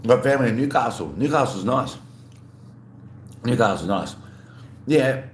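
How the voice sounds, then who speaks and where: A man's voice: medium pitch, lively intonation, normal speed. A man with an Australian accent hosting a casual livestream, chatting loosely with viewers and answering their messages while he eats. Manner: laid-back, rambling, answers chat messages aloud. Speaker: livestream host. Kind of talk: casual live chat, greeting viewers while eating. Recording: roomy echo with faint background hum.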